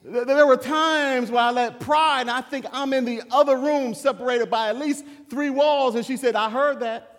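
A man preaching a sermon in a church, animated and humorous, chuckling through personal stories. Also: extremely high pitch, moderate pace, few pauses, in a large hall.

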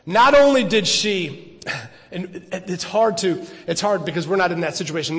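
A man preaching a casual sermon in a church sanctuary, telling the story in a conversational way with frequent restarts. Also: sits high. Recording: long church reverb.

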